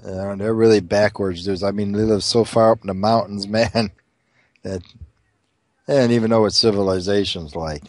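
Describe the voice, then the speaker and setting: A man telling crude jokes as an animated storyteller, doing many character voices. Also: fairly low pitch, normal speed, no room sound. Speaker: joke teller.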